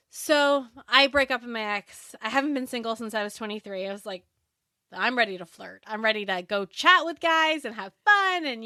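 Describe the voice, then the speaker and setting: A woman guest on a podcast, telling a personal story in a casual, animated way and laughing often. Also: on the high side, dry recording, clean studio sound.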